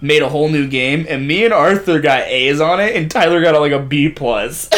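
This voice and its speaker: Young man, casual chat, animated storyteller, swears a lot, slightly high voice, lively pitch. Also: moderate pace.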